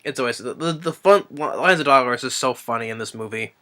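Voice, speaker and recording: Picture a man with a bright, forceful voice and a smooth, crisp tone, walking through a movie scene by scene. He rambles along eagerly and slips into the characters' quoted lines as he goes. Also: mid-range voice, a little fast. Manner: rambling and enthusiastic, acts out quotes. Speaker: movie reviewer. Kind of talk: casual movie plot recap.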